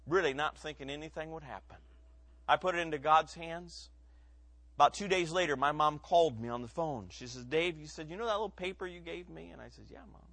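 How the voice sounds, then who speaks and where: A man preaching a sermon, telling his own testimony in an earnest, emotional way that rises into loud emphasis and drops to near quiet. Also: a little high, dry recording. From Ohio.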